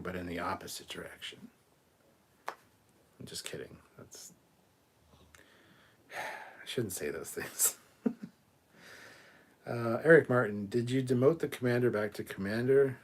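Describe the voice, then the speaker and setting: A man's voice: medium pitch, a little slow, long pauses, a little hiss or hum. A man hosting a casual live stream, reading viewer comments aloud and answering them with blunt, profane asides. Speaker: livestream host.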